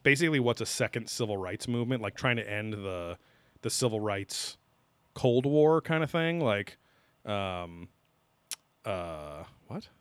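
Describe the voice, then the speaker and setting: Low-voiced guy rambling on a podcast, lots of ums, swears a bit, dry close mic. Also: animated, measured pace, fairly bright tone, clean tone, dry recording. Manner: rambling, heavy with fillers and casual swearing. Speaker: podcast co-host. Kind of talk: casual chat.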